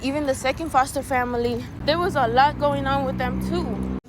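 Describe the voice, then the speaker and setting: Young woman from Latin America, raw confessional vlog, blunt and profane, on the edge of crying, voice a bit high. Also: normal speed, noisy background. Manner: frank, heated, swears often. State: near tears. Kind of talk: emotional personal vlog rant.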